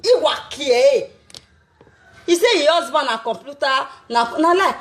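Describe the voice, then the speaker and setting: Speaking Pidgin, a woman from Edo State, Nigeria, taunts someone in a camera rant full of cackles and sing-song jeering. She is a social media vlogger whose voice sits high, expressive and a bit bright, delivered unhurriedly.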